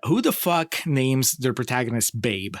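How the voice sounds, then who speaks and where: A man co-hosting a casual film review podcast, talking in an animated way, laughing often and swearing freely. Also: mid-range voice, a little slow, no echo, studio quality. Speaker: podcast co-host.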